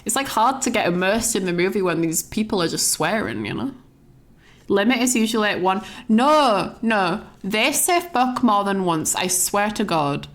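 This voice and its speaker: A young woman rants casually on stream about a film she just saw, rambling, swearing freely and filling her sentences with "like." Her tone stays loose and conversational. Her medium-pitched voice has lively intonation and a moderate pace.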